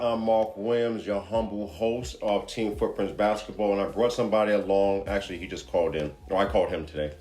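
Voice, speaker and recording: A man's voice: fairly low pitch, fairly quick, few pauses, a little mellow. A man hosting a basketball podcast, loose and joking, laughing easily and fumbling through his questions. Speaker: podcast host. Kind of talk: casual podcast interview. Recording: roomy echo.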